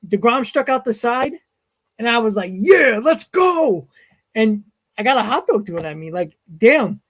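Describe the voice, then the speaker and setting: Man, stream host, casual chat, chuckling, animated storyteller. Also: high voice, normal speed. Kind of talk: live-stream chat reading.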